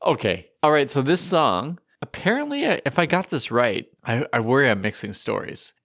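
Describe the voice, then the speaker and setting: A man's voice: medium pitch, sing-song, normal speed, creaky, fairly bright tone, dry recording. A man co-hosting a podcast, chatting casually and joking with dry understatement. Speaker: podcast co-host. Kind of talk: casual chat.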